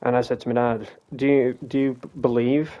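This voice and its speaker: A man's voice: mid-range voice, level tone, a little fast, dark tone, muffled recording. A British man streaming a game, telling a rambling story in a casual way, with frequent restarts and some swearing.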